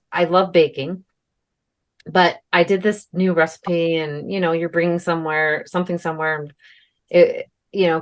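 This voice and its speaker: A woman's voice: lowish voice, fairly bright tone. A young adult woman co-hosting a podcast, telling a story in a casual, chatty way with lots of fillers and the odd swear. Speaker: podcast co-host. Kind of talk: casual chat.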